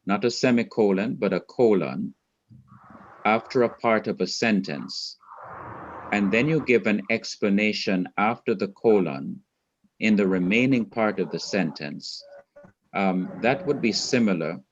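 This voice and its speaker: A man from Jamaica teaching a Hebrew grammar class online, explaining slowly and repeating his points. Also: fairly low pitch, expressive, muffled recording. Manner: slow, patient, repeats points.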